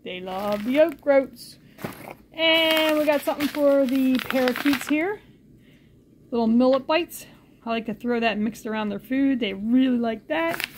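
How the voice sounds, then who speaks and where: A woman filming her pet bird at home, switching between sing-song baby talk to the bird and calm explaining to viewers. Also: high voice, unhurried, noisy background. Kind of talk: casual home vlog.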